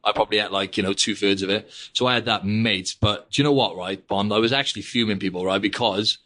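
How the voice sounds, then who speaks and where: Fast-talking chatty male podcast host. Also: on the low side, a bit bright. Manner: rambling, peppers speech with "mate" and "like". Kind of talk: casual podcast chat. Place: living in Australia.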